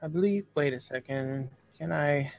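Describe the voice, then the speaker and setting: Brief: mid-pitched player, hesitant and self-correcting, dry close headset sound. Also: moderate pace, gravelly, darkish tone, dry recording. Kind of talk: casual tabletop chat. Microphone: headphones with mic.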